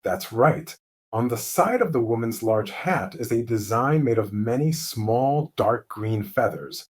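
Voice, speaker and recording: A man narrating a mystery story slowly and clearly as host of a lesson for English learners. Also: mid-range voice. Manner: calm, clear, deliberate.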